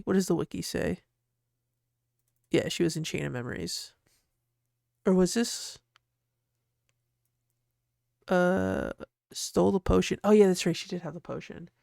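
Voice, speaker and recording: A host rambles through a design session in a relaxed, gravelly voice, often cutting off mid-thought and laughing. The voice sits close to a desk mic in a dry room with no echo. Their pitch is middling. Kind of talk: casual commentary while designing.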